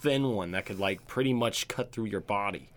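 A man's voice: fairly low pitch, moderate pace, a bit bright, a little hiss or hum. A man co-hosting a podcast, bantering in a laid-back, crude way. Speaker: podcast co-host. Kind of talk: casual podcast chat.

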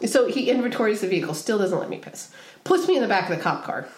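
A woman's voice: medium pitch, quick pace. A young woman co-hosting a podcast, telling a rowdy story in casual chat with plenty of swearing. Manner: profane, animated storyteller. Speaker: podcast co-host. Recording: echoey room.

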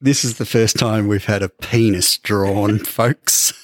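A man's voice: on the low side, steady tone, takes it slowly, no room sound. A man, co-hosting a podcast and cutting in with short, dry, joking remarks. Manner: dry interjecting quips. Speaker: podcast co-host. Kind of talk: casual comedic banter.

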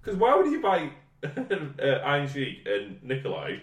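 A man's voice: fairly high pitch, huge pitch swings, moderate pace. A man co-hosting a podcast, chatting in a teasing, playful way. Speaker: podcast co-host. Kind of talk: casual recap chat. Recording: echoey room, off-mic.

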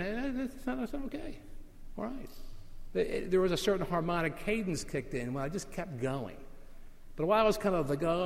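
A middle-aged male pastor preaching in a relaxed, story-driven way, his voice sitting a little higher than most men's. He leans on slow, emphatic repetition, and a long hall reverb trails every phrase. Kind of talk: sermon.

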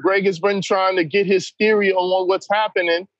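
High-voiced emphatic man, blunt and heated. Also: flat delivery, normal speed, no echo, lo-fi sound. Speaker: podcast guest. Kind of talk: candid conversation.

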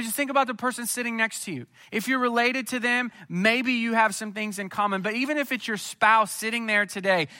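Man, pastor, sermon, bright forceful tone, slightly high voice, storytelling. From Missouri, USA. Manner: storytelling, building to emphatic lively preaching.

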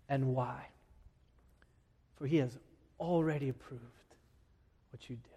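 A man preaching a sermon as pastor, animated and joking, swinging between loud shouts and quiet asides. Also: mid-range voice, husky. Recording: long reverb of a large hall.

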